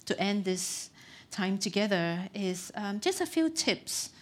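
A woman's voice: medium pitch, animated, slow. A middle-aged woman pastor giving a conversational sermon, candid and self-deprecating, with frequent "um" and "you know.".

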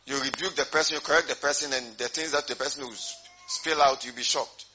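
A man's voice: mid-range voice, steady tone, fast, pushed and bright, highs cut off, slight background noise. A man preaching a sermon as pastor, repeating his points and putting questions to the congregation.

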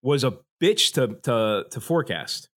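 A man's voice: mid-range voice, sing-song, measured pace, a bit bright. A man hosting a casual podcast, rambling through his points with lots of fillers, swearing freely and laughing often. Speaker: podcast host presenting slides.

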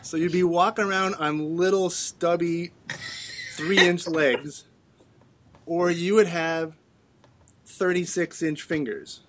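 A man's voice: a little high, fairly even intonation, takes it slowly, pauses often, background noise. A middle-aged man hosting a casual chat, playfully reading out questions and laughing often. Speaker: podcast co-host.

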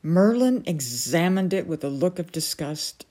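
A woman reading a novel aloud as a storyteller, measured and unhurried. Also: on the low side, very animated, warm tone.

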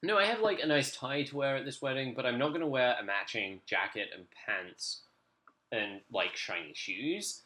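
A man's voice: medium pitch, moderate pace, pushed and bright. A British man co-hosting a casual podcast chat, rambling with frequent restarts. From Britain. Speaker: podcast co-host.

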